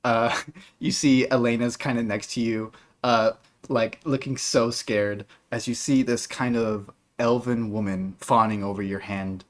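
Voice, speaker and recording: A man narrating as game master of a tabletop game, casual and lively, with many filler words. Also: mid-range voice, a little slow.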